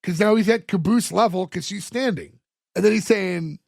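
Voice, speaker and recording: High gravelly man, animated podcast co-host. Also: moderate pace, no room sound, studio quality. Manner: retells scenes by acting out the characters' lines; laughs often while talking. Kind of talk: casual chat.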